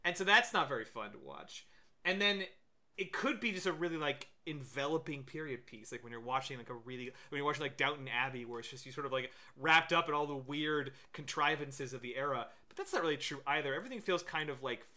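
A man's voice: fairly high pitch, animated, quick pace, pushed and bright. A man co-hosting a podcast, rambling in casual chat while reviewing a film, with many fillers. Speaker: podcast co-host.

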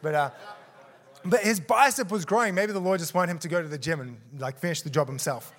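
Animated high-voiced man preaching a sermon. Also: brisk. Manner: animated, acts out quotes with gasps and laughs. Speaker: guest preacher. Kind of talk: sermon storytelling. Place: church service.

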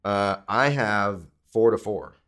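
A man's voice: lowish voice, slow, a bit bright, smooth. A man in a casual movie-quote quiz chat, easygoing, chuckling, with dry jokes. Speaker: quiz player.

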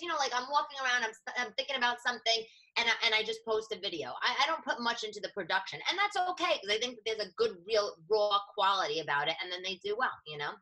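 A woman in her thirties with a New York accent, a stand-up comic chatting on a podcast, loud and a bit nasal, with many quick restarts. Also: fairly high pitch, rough recording. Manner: fast, animated, many restarts. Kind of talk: casual podcast chat.

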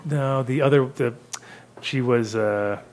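A man's voice: mid-range voice, takes it slowly, darkish tone. A middle-aged man in casual podcast chat, rambling through stories and acting out the voices of people he quotes. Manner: rambling storyteller who acts out quoted voices. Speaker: cannabis seed company guest.

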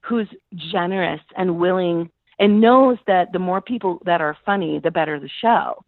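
A middle-aged actress being interviewed, telling stories conversationally and acting out quoted dialogue with lively jumps in pitch. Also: female voice, normal speed, no room sound. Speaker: actress guest. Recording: tinny phone-like line.

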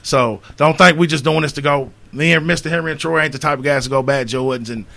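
A middle-aged man talking earnestly on a radio show, urging listeners and swinging from loud appeals to quiet, low moments. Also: fast, gravelly. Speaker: community organizer and guest. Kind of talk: heartfelt radio talk.

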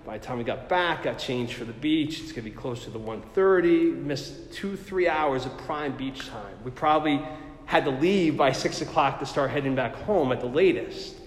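A middle-aged man from New Jersey tells a personal story in a chatty, self-deprecating manner, stumbling over filler words at a moderate pace. His voice is of ordinary pitch and rings out in a roomy space with a long reverb tail.

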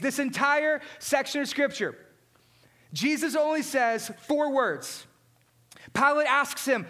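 A male pastor preaching a sermon, emphatic, repeating refrains and dropping his voice low for key lines. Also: expressive, a little slow, bright, forceful tone.

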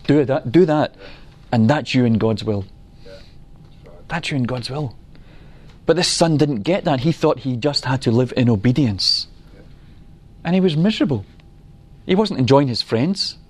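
A middle-aged man preaching a sermon, earnest and unhurried, telling stories and acting out quotes. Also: fairly high pitch, lively intonation, a little mellow.

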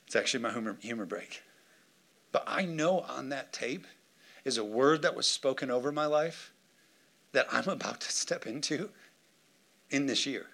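A man pastor preaching a sermon in a church, lively and joking, calling on the congregation for amens. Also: mid-range voice, normal speed, vocal fry, pauses often. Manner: lively preaching with jokes and call-and-response. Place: church sanctuary.

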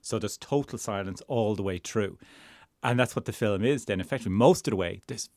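A man's voice: fairly low pitch, fairly quick, darkish tone, dry recording. A man chatting casually as a podcast co-host, rambling in asides and restarts. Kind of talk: casual chat.

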